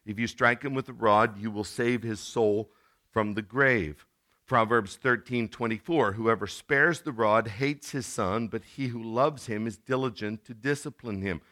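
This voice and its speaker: Middle-aged male pastor, sermon, conversational, mid-pitched voice, sudden loud bursts. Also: measured pace. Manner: conversational preaching, acts out scenes with sudden loud outbursts.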